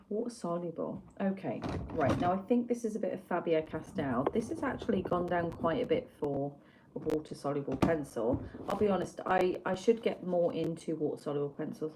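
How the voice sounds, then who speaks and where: A woman's voice: lowish voice, background noise. A woman from Wiltshire, chatting casually and rambling as she swatches art pencils on a livestream, mocking herself and reading out chat messages. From Wiltshire, England.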